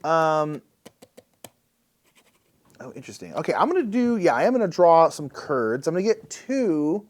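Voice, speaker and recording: Guy hosting a board game play-through, chatty and upbeat, voice bouncing all over, kinda high. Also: sing-song, moderate pace, pauses often. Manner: chatty, thinks aloud while explaining rules; upbeat and playful. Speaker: board game channel host.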